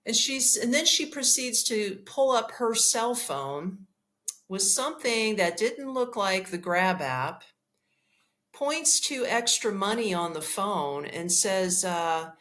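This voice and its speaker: A woman hosting a podcast, telling a story in a blunt, profane, animated way and acting out the dialogue. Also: medium pitch, slow pace. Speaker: podcast host. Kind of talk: casual storytelling monologue.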